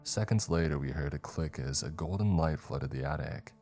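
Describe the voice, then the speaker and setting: A man narrating a first-person horror story in a measured, atmospheric way. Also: extremely low pitch, darkish tone. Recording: faint music underneath.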